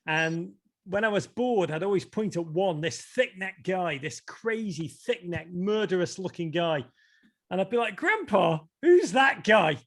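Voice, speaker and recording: A man's voice: high-pitched, measured pace. A man with a Liverpool accent, an author telling stories on a video call and acting out the voices in them. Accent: Liverpool English. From England. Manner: animated, acts out quoted voices. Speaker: author reading and discussing his book. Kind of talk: casual storytelling talk.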